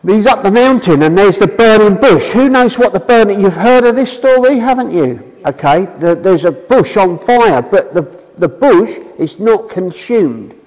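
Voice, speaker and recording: A man's voice: high-pitched, expressive, moderate pace, hardly any pauses, darkish tone. A man giving an informal, chatty sermon and asking his listeners questions. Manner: chatty, asks the audience questions. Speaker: preacher. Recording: long reverb in a hall.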